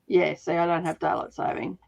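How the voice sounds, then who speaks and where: A woman hosting a relaxed reading sprint stream, chatting with friends and reading out viewer comments. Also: on the low side, fairly quick, creaky. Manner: reads out chat comments, laughs often. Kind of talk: casual chat on a livestream.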